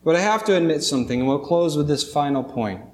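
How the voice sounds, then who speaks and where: A man's voice: fairly high pitch, lively intonation, quick pace, darkish tone, slight background noise. Earnest man preaching in an echoey room. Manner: earnest, emphatic, storytelling. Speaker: pastor. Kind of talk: sermon.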